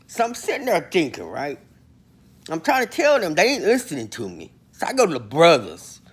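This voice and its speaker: A man rambles through a comic story in a cocky, slang-heavy voice. His pitch swings up and down as he talks. He slips into little put-on voices for the people he quotes. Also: huge pitch swings, normal speed, breathy edge. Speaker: channel host telling prison stories.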